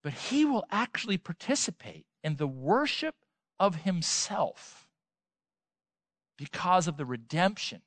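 A man preaching a sermon, emphatic, with rhetorical questions and swings between loud and soft. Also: high-pitched, big pitch swings, a little slow, dry recording. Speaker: pastor.

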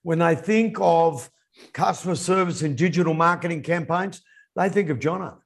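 A man's voice: a little high, normal speed, vocal fry. A man co-hosting a casual business chat, telling stories with animation. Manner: animated storyteller. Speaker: podcast co-host.

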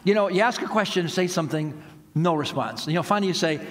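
A man preaching a sermon in a relaxed, conversational way, acting out the voices of people in the stories he tells. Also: high-pitched, fast, in a large hall. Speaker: pastor.

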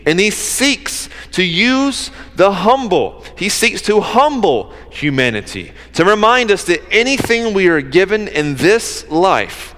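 A man's voice: fairly high pitch, a bit bright. A man preaching a sermon in an earnest, conversational way, with casual asides. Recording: long hall reverb.

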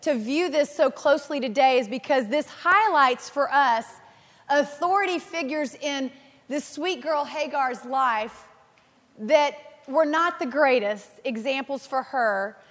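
A woman in her thirties preaching a sermon, earnest and animated, telling personal stories and laughing at herself. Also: high voice, unhurried. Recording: reverberant hall.

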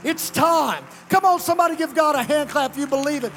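High-pitched preaching man in echoing church. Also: brisk, slight background noise. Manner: preaching, sometimes shouting and chanting. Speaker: pastor. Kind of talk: fiery sermon. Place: church sanctuary.

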